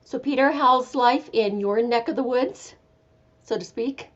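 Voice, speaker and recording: A woman's voice: fairly high pitch, a little slow, highs cut off. A woman hosting a casual live chat from home, chatty and meandering, with an easygoing manner. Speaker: live stream host.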